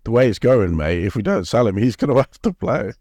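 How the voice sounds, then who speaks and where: A man talks football on a podcast in a very deep voice, rambling and swearing with frequent laughs. His voice sounds dry and close to the mic. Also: very animated, fairly quick, darkish tone, no echo. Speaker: podcast co-host. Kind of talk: casual football chat.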